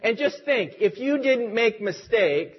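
A man's voice: very high-pitched, lively intonation, unhurried, lo-fi sound. A man preaching a sermon as pastor, leading a prayer and telling stories in an earnest, lightly humorous way.

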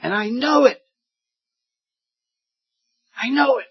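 A man in his seventies preaching a sermon, slow and deliberate, rising suddenly into loud emphatic peaks. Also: very high voice, vocal fry, breathy edge. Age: 70s. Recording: dull lo-fi sermon recording.

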